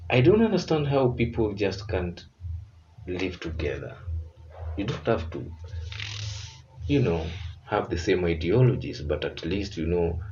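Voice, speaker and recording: Man from africa, reaction host, earnest and measured, very deep voice, muffled lo-fi sound. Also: very animated, darkish tone, slight background noise. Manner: earnest, measured, thinking aloud. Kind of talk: casual reaction commentary.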